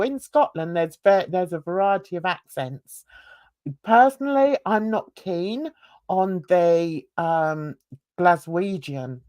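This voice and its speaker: A woman's voice: on the low side, darkish tone, no room sound, studio quality. A woman from Britain co-hosting a casual livestream chat, chatty, laughing often and greeting viewers. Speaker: livestream co-host.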